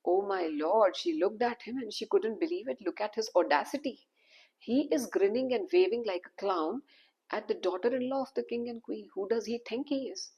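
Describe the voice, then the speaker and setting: A woman storyteller, narrating a folk tale in a lively, conversational way. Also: medium pitch, moderate pace, creaky, husky, rough recording. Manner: animated, conversational asides.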